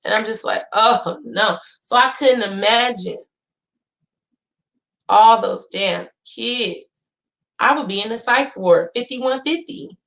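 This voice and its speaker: Vlogger, woman, 30s, Northern California accent, loud animated rant full of swearing. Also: fairly high pitch, slow, creaky. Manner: loud, profane, animated storytelling. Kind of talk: casual rant to viewers.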